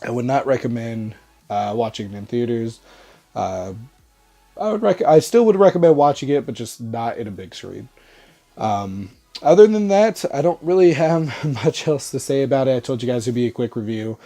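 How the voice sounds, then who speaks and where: A man's voice: medium pitch, big pitch swings, normal speed, vocal fry, mellow, faint music behind. A young man with a stuffy, congested nose from a cold, giving a loose, rambling movie review with lots of "uh" fillers. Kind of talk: casual spoken movie review.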